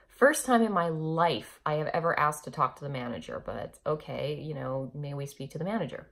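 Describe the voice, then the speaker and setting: A woman's voice: low-pitched, moderate pace. A young woman candidly telling an emotional personal story as a vlogger, with nervous laughs and frequent restarts.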